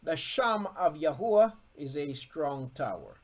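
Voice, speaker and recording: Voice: medium pitch, sing-song. A Bible teacher leading a scripture lesson, repeating key words for emphasis and often checking in with "okay?". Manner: slow and deliberate, with frequent "okay?" check-ins.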